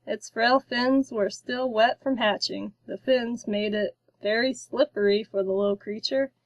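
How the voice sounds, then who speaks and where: A woman narrating a children's storybook in a slow, careful reading. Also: a little high, fairly even intonation, dry recording, low-quality recording.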